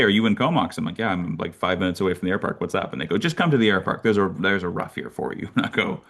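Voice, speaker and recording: A young Canadian man telling lively birding stories in a casual talk, with many fillers and restarts. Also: deep voice, vocal fry. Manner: animated storyteller, many fillers and restarts, laughs often. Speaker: birder giving a talk.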